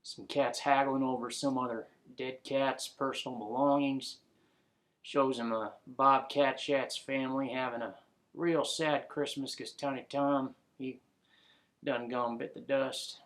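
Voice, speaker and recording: A man's voice: medium pitch, fairly even intonation, a little slow, a bit bright. A man narrating a comic story in a laid-back drawl full of folksy slang.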